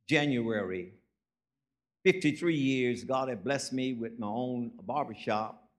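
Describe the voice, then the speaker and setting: A man's voice: mid-range voice, fairly bright tone. A man, preaching a sermon as a guest preacher, telling folksy stories and rising into emphatic preaching.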